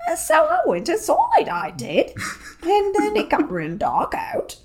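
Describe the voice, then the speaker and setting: A woman voicing a chirpy working-class storyteller in a put-on British accent, with sing-song, drawn-out phrases. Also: very high voice, huge pitch swings, voice pushed up, heavily acted.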